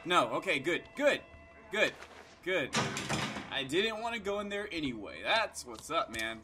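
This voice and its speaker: Give me a high-pitched young man cracking jokes and screaming through a scary game, with music playing underneath. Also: very animated, measured pace. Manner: loud, jokey, yelps when scared. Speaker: gaming YouTuber. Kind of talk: horror game let's play commentary.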